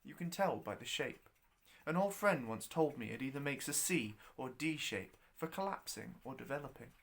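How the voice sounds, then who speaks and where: Expressive man reading his own story. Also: medium pitch, normal speed.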